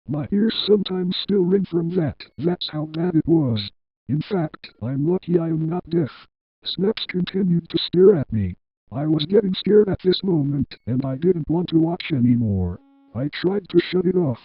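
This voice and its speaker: A synthetic text-to-speech man's voice reading a horror story in a flat, evenly paced way. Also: on the high side, husky, dry recording, dull audio. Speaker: narrator. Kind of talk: scripted horror story narration.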